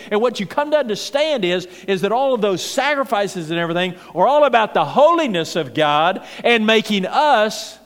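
High-voiced preacher man in a reverberant hall. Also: animated, brisk, hardly any pauses. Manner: preaching with rising emphatic bursts and quiet asides. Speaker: pastor. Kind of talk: sermon.

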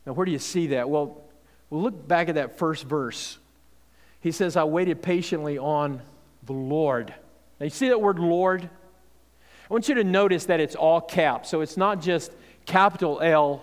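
A man's voice: sits high, clear, resonant tone. A man preaching a sermon in a conversational way, often restarting phrases and checking in with "okay?". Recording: long hall reverb.

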